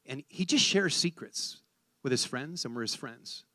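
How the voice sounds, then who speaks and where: A man's voice: medium pitch, expressive, unhurried, bright, forceful tone, no room sound, studio quality. A man preaching a sermon, telling a story and acting out the conversation, then rising to fervent exhortation.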